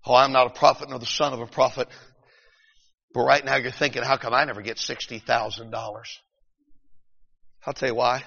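Gravelly shouting preacher in a hall. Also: male voice, mid-range voice, level tone, fairly quick, long pauses. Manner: swings between shouting and hushed storytelling. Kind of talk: revival sermon. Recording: dull recording in a long-reverb hall.

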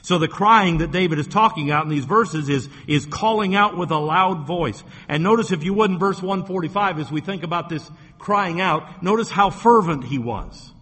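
A man preaching a sermon in a fairly high voice with a husky edge, pressing his points with earnest repetition. His voice rings out with a long reverb from the church hall around him. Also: normal speed, few pauses, a bit bright. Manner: earnest preaching with repeated words and rising emphasis. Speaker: pastor.

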